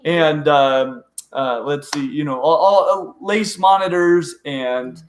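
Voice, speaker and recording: A middle-aged man chatting on a live stream with a fairly high voice, tumbling eagerly through his thoughts and restarting sentences. The room around him is echoey. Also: takes it slowly. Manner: rambling, restarts often, eager. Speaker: host of a reptile channel. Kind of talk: casual live-stream chat.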